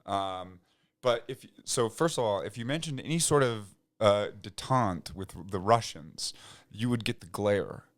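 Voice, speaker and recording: In a fairly low, unhurried voice, a podcast guest from the United States chats casually. He rambles, often restarting and using fillers, and breaks into laughter when excited.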